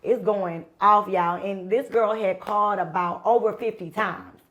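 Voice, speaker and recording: A woman's voice: mid-range voice, steady tone, a little slow, fairly bright tone, lo-fi sound. A woman from Houston, a podcast guest with a Houston Southern accent, retelling a story in a chatty, slangy, dramatic way. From Houston, Texas. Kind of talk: casual storytelling chat.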